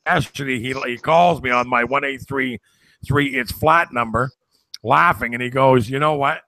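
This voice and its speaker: Man, gravelly, bright forceful tone, earnest storyteller, preachy, dry close sound. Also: mid-range voice, normal speed, no echo. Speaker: co-host. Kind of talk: casual chat, preachy at times.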